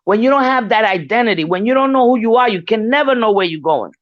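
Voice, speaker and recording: A woman's voice: a little high, animated, quick pace, no room sound. Frank, storytelling older New woman. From New York. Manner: frank storytelling, swears freely. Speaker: guest speaker. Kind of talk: casual discussion. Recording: muffled lo-fi dry recording.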